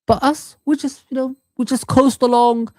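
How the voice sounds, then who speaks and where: A man streaming a frustrated football rant, shouting out viewers and calling them guys and man. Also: very high voice, steady tone, moderate pace, no room sound, clean studio sound. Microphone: streaming mic.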